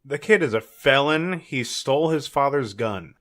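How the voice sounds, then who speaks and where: A man's voice: medium pitch, lively intonation, normal speed, fairly bright tone. A man co-hosting a podcast, chatting casually about films in a blunt, teasing way with some swearing. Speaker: podcast co-host. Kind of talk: casual film chat.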